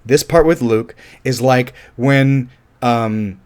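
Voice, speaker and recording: A man's voice: mid-range voice, slow pace, a little mellow, clear, resonant tone. A man giving a casual, rambling film review, thinking aloud and often restarting his sentences.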